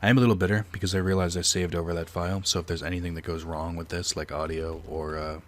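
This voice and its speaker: A man's voice: low voice, little pitch movement, fast. A man doing casual let's play commentary, rambling with fillers and the odd swear. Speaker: let's player.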